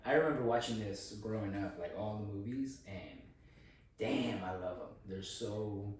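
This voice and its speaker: A man's voice: on the low side, moderate pace, darkish tone. Easygoing, rambling man in an echoey room. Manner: easygoing, rambling, laughs often. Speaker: podcast co-host. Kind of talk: casual chat. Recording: echoey room, distant mic, faint noise.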